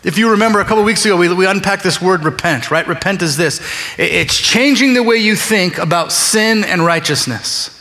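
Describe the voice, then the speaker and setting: A high, bright male voice delivers a sermon with an easy, conversational touch, slipping into little acted exchanges as he preaches. The sound rings out with the long reverb of a large hall. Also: a little fast. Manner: conversational, acts out dialogue with voices. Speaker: pastor.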